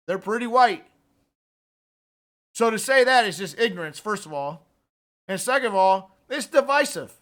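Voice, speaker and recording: Fired-up high-voiced male commentary host. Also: bright, forceful tone. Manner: fired-up, ranting delivery; conversational, addresses listeners directly with "man". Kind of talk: opinionated political commentary.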